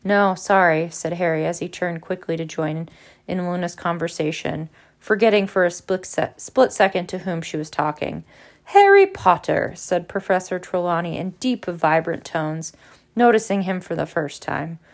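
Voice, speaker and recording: A woman narrating a novel aloud, lively, with small slips and restarts. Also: fairly low pitch, normal speed. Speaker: audiobook reader. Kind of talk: storybook narration.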